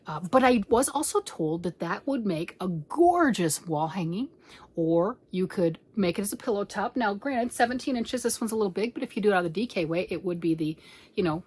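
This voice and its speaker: A woman chatting casually as she unboxes a yarn kit, excitable and rambling, with sudden whispered asides. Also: lowish voice, breathy edge. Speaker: crochet vlogger.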